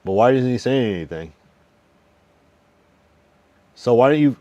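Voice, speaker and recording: A man's voice: medium pitch, animated, darkish tone, dry recording. A young man livestreaming, casually reading his chat aloud and teasing viewers with slangy, swearing banter in a loose, rambling way. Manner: loose, rambling delivery with restarts and drawn-out counting.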